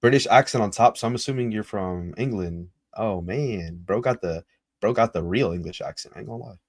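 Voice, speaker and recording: A man's voice: fairly low pitch, brisk, dry recording, studio quality. A man hosting a livestream, joking around in casual slangy banter and mixing in Spanish phrases. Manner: slangy, joking, switches between English and Spanish. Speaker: livestream host.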